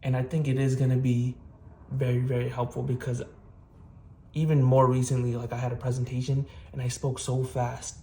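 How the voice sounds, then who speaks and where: An earnest young man vlogging about self-improvement, rambling and restarting his sentences. His voice sits at an ordinary pitch for a man and stays flat, with little rise or fall. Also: normal speed, slight background noise. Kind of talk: casual self-improvement vlog.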